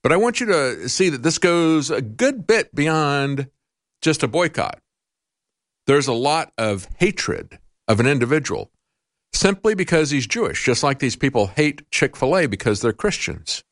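A man hosting a talk show and giving opinionated political commentary, arguing with rhetorical questions, frequent uhs, and sudden upward jumps in pitch on his emphatic points. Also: sing-song, measured pace, no room sound, clean studio sound.

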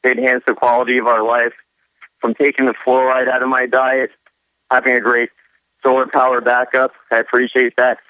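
A man's voice: mid-range voice, monotone, normal speed, no echo, dull audio. A man calling in to a radio show, earnestly running through his points. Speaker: caller. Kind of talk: phone-in call.

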